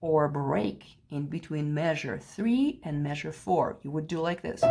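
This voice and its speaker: With a low, creaky voice, a woman teaches a play-along piano lesson, speaking unhurriedly and with few pauses. She patiently explains phrasing, counts beats aloud, and laughs lightly now and then while a piano sounds faintly in the background.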